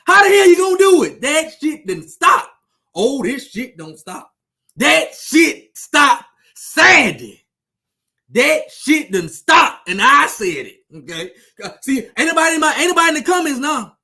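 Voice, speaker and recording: Very high-pitched and very animated, his voice sounds pushed and bright, though his pace stays measured. The man, a commentator with his own sports channel, unloads a heated, cursing rant on his audience, repeating himself and taunting as he goes.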